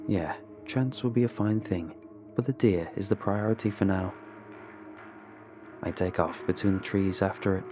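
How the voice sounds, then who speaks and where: A man narrating a first-person horror story in a measured, grim manner. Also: lowish voice. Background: background music.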